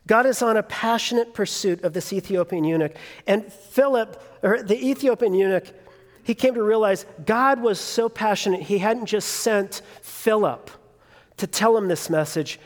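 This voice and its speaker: A man's voice: high voice, normal speed. A man in his thirties preaching a sermon, telling a personal story in a conversational way with fillers and restarts. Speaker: pastor. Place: church sanctuary. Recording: long hall reverb.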